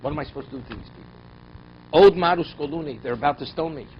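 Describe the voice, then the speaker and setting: A male rabbi teaches a Torah class at a fast clip, reading Hebrew verses aloud and then explaining them in English through pointed rhetorical questions. His somewhat high voice rises and drops sharply for emphasis. The recording is dull and lo-fi, with faint noise beneath.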